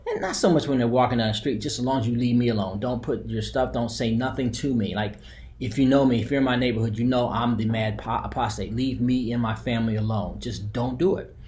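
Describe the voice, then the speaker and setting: A man's voice: medium pitch, quick pace, a little mellow. A man telling a personal story as a heated, profane rant, repeating himself as he goes. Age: adult with a daughter.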